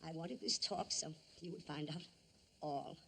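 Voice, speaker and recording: An actress playing a humble, earnest mother who speaks haltingly. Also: sits low, vocal fry, a bit bright, a little hiss or hum, heavily acted. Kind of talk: 1960s film acting.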